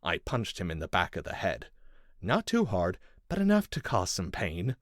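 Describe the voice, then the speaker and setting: Low, lively male audiobook narrator. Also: no echo, clean studio sound. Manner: measured and intense, with lively pitch. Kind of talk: first-person scripted narration.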